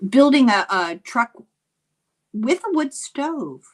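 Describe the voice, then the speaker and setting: An older woman with an Irish accent chats easily, her pitch rising and falling with plenty of life. She's sympathetic and sometimes loses her train of thought mid-sentence. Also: slow pace. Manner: animated, sympathetic, trails off while searching her knitting. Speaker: co-host. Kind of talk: casual chat.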